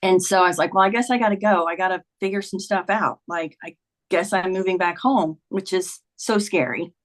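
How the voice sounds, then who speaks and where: A woman's voice: lowish voice, brisk. A woman in her fifties, a podcast guest, earnestly retelling a personal story in conversation, with many "like"s.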